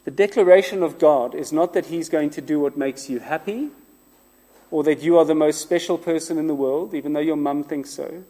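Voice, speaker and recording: A man preaching a sermon, with expressive rhetorical repetition and some self-deprecating humor. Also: fairly high pitch, moderate pace. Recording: long reverb of a large room.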